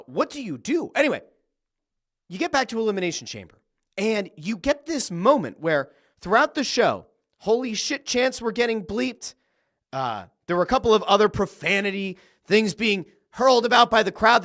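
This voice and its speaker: A man hosting a solo wrestling podcast, telling the story with excitement and casual swearing. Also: on the high side. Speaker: podcast host.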